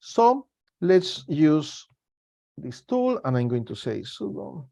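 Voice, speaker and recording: Higher-voiced man presenting a security webinar. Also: very animated, creaky, mellow. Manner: halting, repeats and restarts words. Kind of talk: live webinar talk.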